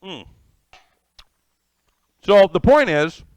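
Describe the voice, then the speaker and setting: A man's voice: a little high, big pitch swings, unhurried, pauses often, fairly bright tone, dry recording. A middle-aged man hosting a live cooking stream from his home kitchen, eating as he talks and greeting viewers by name. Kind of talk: casual live-stream chat while eating.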